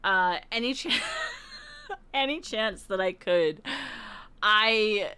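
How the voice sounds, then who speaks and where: A woman's voice: mid-range voice, huge pitch swings, very slow, pushed and bright, clear, resonant tone, dry recording. A woman from Canada telling a rambling travel story as a streamer, giggling often and restarting her sentences. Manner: giggly, laughs often while talking; rambling, with many restarts and asides. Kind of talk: casual storytelling.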